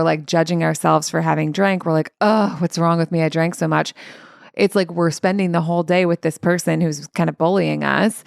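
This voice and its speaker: A woman in her thirties hosts her coaching podcast in a loose, conversational monologue, peppering her talk with "like." Her voice sits fairly low with a gravelly fry running through it, recorded dry and close with no room around it. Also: no room sound. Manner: chatty and relaxed, with many "like"s. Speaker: career coach and podcast host.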